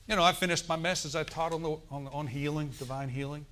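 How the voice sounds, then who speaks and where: A man's voice: fairly high pitch, steady tone, fast talker, a bit bright. A middle-aged male pastor preaching a sermon in a church, telling a story with emphatic bursts.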